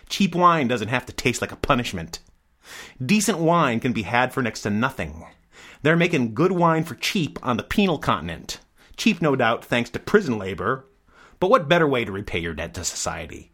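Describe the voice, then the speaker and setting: A man's voice: mid-range voice, very animated, normal speed, fairly bright tone. A man hosting a comic wine review show, talking in a sarcastic, brash, mock-outraged way.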